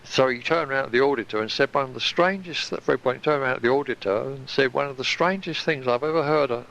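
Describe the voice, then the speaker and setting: A man recounting his past in a recorded reminiscence, animated and casually swearing. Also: mid-range voice, creaky, highs cut off.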